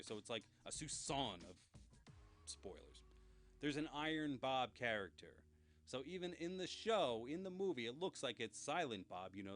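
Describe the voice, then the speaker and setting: A young man hosting his own pop culture news show, chatting in a rambling, enthusiastic way. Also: medium pitch. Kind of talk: casual solo show.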